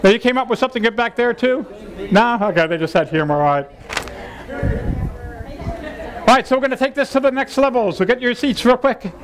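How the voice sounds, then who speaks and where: A man leads a humorous workshop in a seminar room. His voice sits high and swoops all over the place as he jokes and laughs. He coaxes the audience through exercises over a wired mic. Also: expressive, moderate pace, pauses often, some chatter behind. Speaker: seminar leader.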